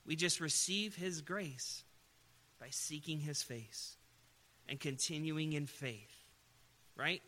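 A man's voice: fairly high pitch, slow, long pauses, sharp tone, slight background noise. A man preaching a sermon in an emphatic way, often putting rhetorical questions to his listeners.

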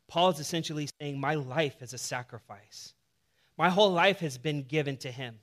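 Animated, high-voiced male pastor preaching. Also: normal speed. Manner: casual, animated preaching with humor. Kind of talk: sermon.

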